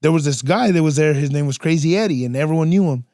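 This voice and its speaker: Male podcast host; casual, profane storyteller who acts out his stories; a bit high-pitched, dry sound. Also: fast, mellow, dry recording. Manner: slangy and profane, peppers talk with "fool" and "dog".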